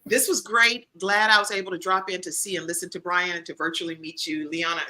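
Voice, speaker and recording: A woman with a bright, lowish voice hosts a live online talk show. She chats casually and reads viewers' comments aloud in a lively way. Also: brisk, low-quality recording. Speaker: show host. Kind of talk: casual live-stream chat.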